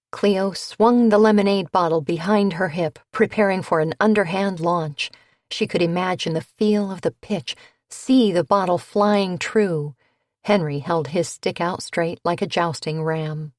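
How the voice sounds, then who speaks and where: A woman reading a cozy mystery audiobook, with even, unhurried narration that lifts into character voices for the dialogue. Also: on the low side, no echo, clean studio sound. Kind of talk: scripted narration.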